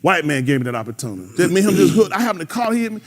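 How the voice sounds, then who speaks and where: Male radio talk host: high voice, very lively pitch, acts out every character and laughs as he tells stories and lectures. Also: very fast. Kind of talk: casual storytelling and advice to young listeners.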